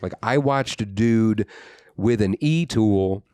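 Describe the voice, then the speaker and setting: A man's voice: on the low side, slow, a little mellow, no room sound. A man co-hosting a podcast, telling rambling stories in casual chat and swearing freely. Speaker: podcast co-host.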